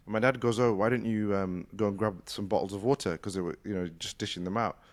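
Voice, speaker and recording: A middle-aged man from the UK, hosting a casual conversation and telling a story fast, with lots of restarts. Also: fairly low pitch, fairly even intonation. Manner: fast-talking, full of restarts. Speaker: podcast host.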